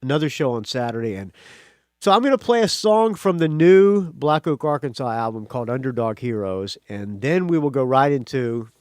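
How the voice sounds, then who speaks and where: A man hosting a rock podcast, talking in a rambling, excitable way with a slight country accent and swearing freely. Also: mid-range voice, normal speed, dry recording, clean studio sound. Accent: slight American country accent. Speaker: podcast host. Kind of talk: casual solo intro.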